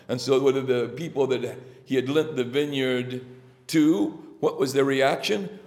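A man preaching a sermon, halting and repeating himself now and then, with a slow, musing delivery. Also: mid-range voice, a little mellow. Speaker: priest. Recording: long hall reverb.

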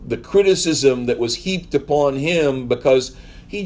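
A man's voice: medium pitch, expressive, unhurried, darkish tone. A male pastor giving a conversational sermon, telling stories in a rambling way with wry asides.

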